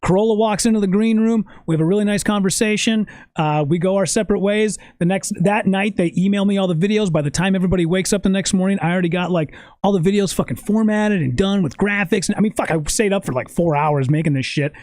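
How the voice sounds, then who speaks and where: A man telling a story in a casual podcast chat, animated and swearing often. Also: sits high, fast, few pauses, no room sound. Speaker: podcast guest.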